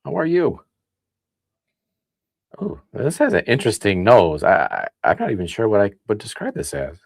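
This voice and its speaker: A man from the Midwest hosting a casual livestream, chatting and thinking out loud as he reads comments. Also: fairly low pitch, wildly swooping pitch, fairly quick, creaky, no room sound, studio quality. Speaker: livestream host. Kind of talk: casual tasting livestream chat.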